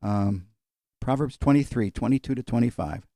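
A man's voice: mid-range voice, moderate pace, mellow, dry recording, clean studio sound. A middle-aged man leading an informal Bible study, talking in a conversational, digressive way with fillers and chuckles. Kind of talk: informal Bible teaching with personal stories.

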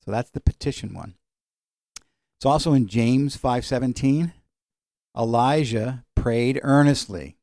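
A man teaching a sermon in a conversational way, slowing down when he quotes scripture. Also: mid-range voice, dark tone, no room sound, studio quality. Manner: conversational, varies pace for emphasis, slows on scripture. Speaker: pastor.

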